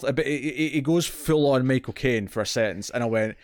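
A man's voice: medium pitch, brisk, no room sound, clean studio sound. A Scottish man co-hosting a casual TV review podcast, blunt and opinionated in his complaints. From Scotland. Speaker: podcast co-host.

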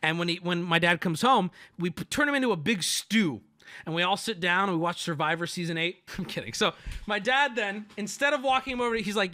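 A man with a high voice, talking a little fast, tells a family story on his stream. He's animated, profane, and jokey, keeping it casual throughout.

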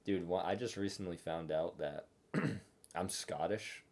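A man's voice: deep voice, measured pace. A young man in casual conversation, laughing often and swearing freely in loose, slangy talk. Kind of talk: casual chat.

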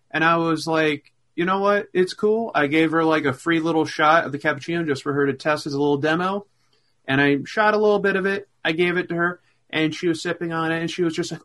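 A man's voice: a little high, fairly quick. A man chatting casually over a call, telling stories with lots of fillers and restarts. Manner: animated storyteller, rambling with fillers. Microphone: call audio.

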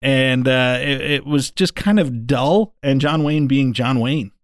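A man's voice: mid-range voice, measured pace, no room sound. Male podcast co-host, playful and blunt, dry studio sound. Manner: playful, jokey, blunt opinions. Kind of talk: casual movie podcast banter.

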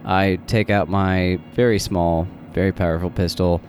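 Very low-voiced blunt male player. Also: fairly even intonation, normal speed, darkish tone, soft background music. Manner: blunt and matter-of-fact, swears freely. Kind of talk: playing a tabletop game.

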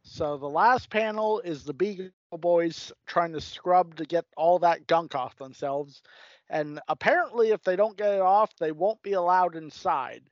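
A man's voice: high voice, measured pace, no echo. A man co-hosting a casual podcast, laid-back and dry, giving short replies. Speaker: podcast co-host. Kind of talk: casual chat. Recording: dry dull lo-fi audio.

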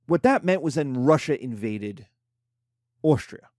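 A man's voice: mid-range voice, lively intonation, a little slow, a little mellow, no room sound, studio quality. A man giving a casual history lecture as a teacher, talking colloquially and acting out the nations in quoted voices.

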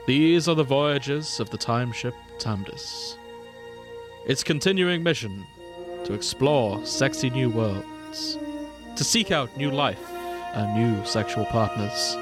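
A man's voice: mid-range voice, slow, loud music behind the voice. A man co-hosting a comedy podcast, giggly and playful while reading. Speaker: podcast co-host. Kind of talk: comic casual chat.

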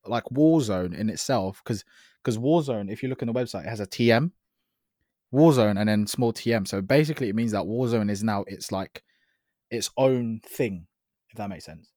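Young man, slangy gamer chat, low-ish, dry. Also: moderate pace, dark tone, dry recording. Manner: chatty, enthusiastic, slangy. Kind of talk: casual gaming chat.

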